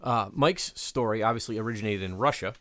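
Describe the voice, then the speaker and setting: A man's voice: on the low side, a little fast, a bit bright, no room sound. Playful, chatty male podcast co-host. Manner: playful, chatty, lots of fillers. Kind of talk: casual chat.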